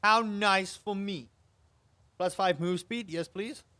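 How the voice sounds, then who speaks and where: A man's voice: high-pitched, takes it slowly, bright, forceful tone, dry recording. A young man streaming a game, chatting casually and rambling to his chat while he plays. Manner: rambling, self-amused, talks to chat and to the game. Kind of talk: casual gameplay livestream chat.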